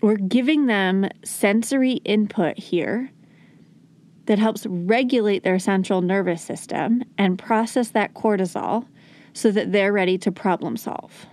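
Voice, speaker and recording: A young adult woman teaching parents how to calm toddlers, earnest and coaching, softly acting out what to say to a child. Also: medium pitch, measured pace. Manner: earnest, coaching, acts out gentle lines to a child. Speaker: parenting educator. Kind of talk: instructional talk to parents.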